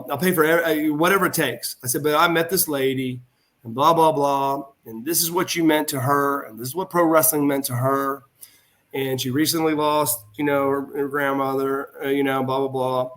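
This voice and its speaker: A middle-aged man telling stories as a podcast guest, his voice sitting a little higher than most men's. He rambles warmly through anecdotes, stumbling and restarting, then leans into the retold dialogue with animated energy. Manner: animated, heartfelt delivery. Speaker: guest, former pro wrestler. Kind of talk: casual storytelling in a podcast interview.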